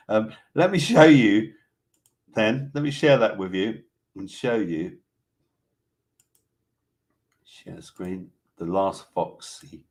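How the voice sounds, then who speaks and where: A man's voice: fairly low pitch, extremely slow, pauses often, darkish tone. A British man hosting a casual live online show, reading out animal facts and viewer comments in a chatty, joking way. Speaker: host. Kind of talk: casual live-stream chat.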